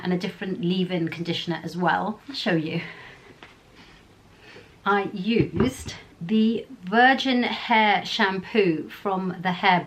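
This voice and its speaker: A woman's voice: medium pitch, fairly bright tone. A woman talking casually to camera as a beauty vlogger, chatty and rambling, often correcting herself mid-sentence. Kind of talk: casual vlog chat to camera.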